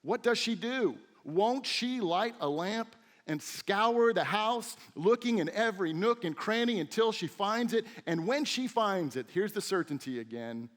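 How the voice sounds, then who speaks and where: A middle-aged man preaching a sermon as a teaching pastor, telling stories with lively, acted-out quotes. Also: high voice, normal speed. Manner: animated storytelling with acted-out quotes. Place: church sanctuary.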